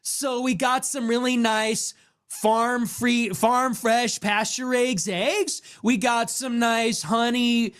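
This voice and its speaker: A man voicing a smug male health-food video maker who lists his groceries in a slow, sing-song uptalk. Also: extremely high pitch, fairly even intonation, fairly bright tone, clear, resonant tone, pitched above the performer's own voice, exaggerated voice.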